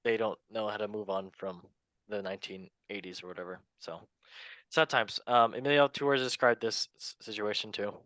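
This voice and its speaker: A man's voice: fairly low pitch, brisk, fairly bright tone, dry recording. Playful male sports show host. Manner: playful, joking, laughs often. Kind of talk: casual chat. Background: faint background music.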